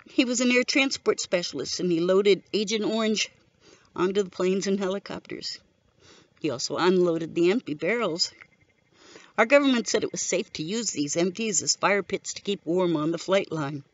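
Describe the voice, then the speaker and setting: A middle-aged widow with a lowish voice speaks at a moderate pace, steadily and earnestly sharing her grief-filled story. The recording is dry, dull, and lo-fi.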